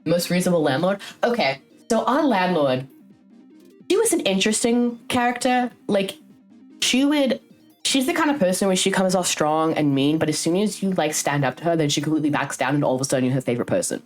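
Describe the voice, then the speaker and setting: A young woman with a notably low voice chats casually on stream, rambling through a story and dropping curses along the way. Faint music plays quietly behind her. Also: a little fast. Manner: rambling, frequent swearing, lively retelling.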